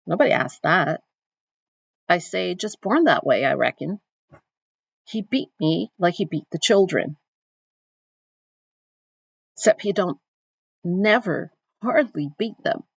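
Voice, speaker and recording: Celie, a quiet, enduring young woman, speaks her story as a woman reads it aloud in a gravelly, mid-pitched voice. The recording is dull and dry and close. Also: expressive, slow, pauses often, no echo, full character voice. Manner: reading a first-person novel passage aloud.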